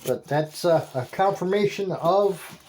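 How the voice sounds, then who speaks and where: Guy doing a casual vlog, slow and mellow, kinda rambly, trips over his words. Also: sits high. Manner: rambling and halting, with frequent restarts; easily delighted, with soft laughs. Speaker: worm-composting vlogger.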